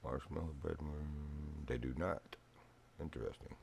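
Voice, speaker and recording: A man from Virginia streams a fishing game, telling rambling stories and chuckling often in casual chat. His bass voice is darkish, fairly even in intonation, a little slow, with vocal fry, and the recording carries a slight hiss or hum.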